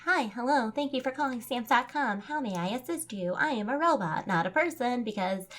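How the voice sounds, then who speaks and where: A woman mimicking a polite automated phone-menu robot in a quiet, flat, mechanical recital. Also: a little high, brisk. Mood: flat, scripted.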